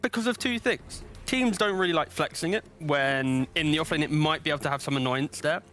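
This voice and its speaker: A man's voice: fairly high pitch, fairly quick, fairly bright tone. A man with a British accent casting a live esports match, joking with co-casters and then laying out fluent draft analysis.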